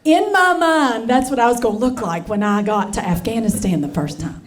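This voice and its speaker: A brassy woman comic in her forties works a live room, her voice a bit high and full of chatty asides to the audience. She speaks into a handheld stage mic. Loud laughter from the crowd rolls in around her lines. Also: lively intonation, normal speed. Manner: brassy, chatty, addresses the crowd as honey and y'all. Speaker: stand-up comedian. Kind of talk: stand-up comedy set.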